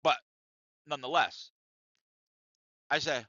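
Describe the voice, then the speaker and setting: A man hosting a podcast, telling a profane comic story in an animated, conversational way, in a dry, dull lo-fi recording. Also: a little high, moderate pace, no echo. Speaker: podcast host.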